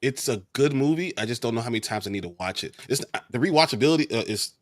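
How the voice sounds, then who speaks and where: A man in a casual chat among friends, giving quick short remarks. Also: medium pitch, expressive, no room sound. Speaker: podcast co-host.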